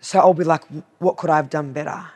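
A woman's voice: deep voice, fairly even intonation, fast, darkish tone. An Australian woman guesting on a podcast, telling stories from her cleaning business and acting out both sides of each conversation. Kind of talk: casual storytelling interview.

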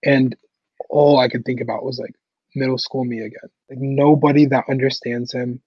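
Husky young guy telling his story on a podcast, says like a lot, dry muffled audio. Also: medium pitch, level tone, normal speed, no echo. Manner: casual, heavy use of "like" fillers. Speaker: podcast guest. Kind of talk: personal storytelling interview.

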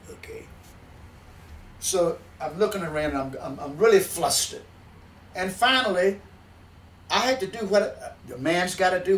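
A man from the backwoods telling a folksy story in an animated, plainspoken way, often restarting mid-sentence. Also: high-pitched, echoey room, far from the mic, low-quality recording. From backwoods countryside.

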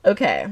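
A woman's voice: sits high, fairly bright tone. A young woman hosting her own podcast, talking casually to listeners with slang and frequent laughs, sometimes close to tears. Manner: laughs often, emotional, tearing up at times; slang-filled, speaks to listeners as y'all. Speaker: podcast host. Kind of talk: casual solo podcast talk.

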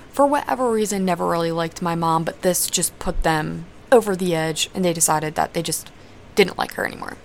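A woman's voice: fairly low pitch, a little hiss or hum. A young woman hosting a podcast, telling a personal story in a candid, profane, casual way. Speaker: podcast host.

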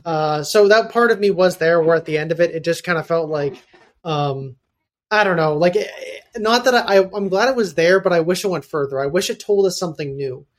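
A man co-hosting a podcast in casual chat, thoughtful and hesitant with pauses. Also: fairly high pitch. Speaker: podcast co-host.

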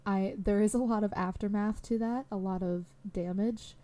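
Young woman doing a solo podcast, soft warm voice, just rambling honestly w/ tons of likes and ums. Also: medium pitch, fairly even intonation, moderate pace. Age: young adult. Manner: candid, rambling, full of "like" and "um". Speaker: podcast host.

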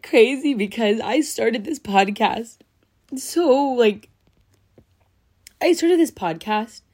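A young woman hosts her own casual podcast in a fairly high voice with a darkish tone. She's gushing and emotional, says "like" a lot, and seems about to cry.

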